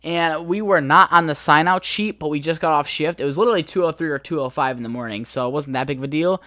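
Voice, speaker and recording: A man's voice: a little high, fast talker, bright, forceful tone, no echo. A young man hosting a podcast, telling a rambling story in a laid-back, profane way full of fillers. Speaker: podcast host. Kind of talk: casual storytelling.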